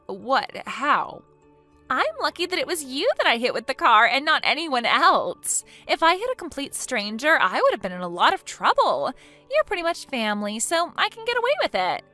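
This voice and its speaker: A woman's voice: high-pitched, sing-song, normal speed, sharp tone, faint music behind, exaggerated voice. A synthetic woman's voice playing an entitled young woman who talks in an indignant, self-pitying way.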